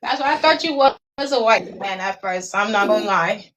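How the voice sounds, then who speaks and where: A woman's voice: medium pitch, lively intonation, normal speed, fairly bright tone, rough recording. A woman with a Caribbean accent, speaking bluntly and swearing casually in an online panel discussion. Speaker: panel participant.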